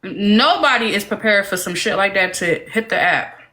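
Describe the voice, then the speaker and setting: Woman, mid-pitched, earnest and steady, arguing her point. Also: normal speed. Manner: earnest, defending someone. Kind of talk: live-stream panel debate.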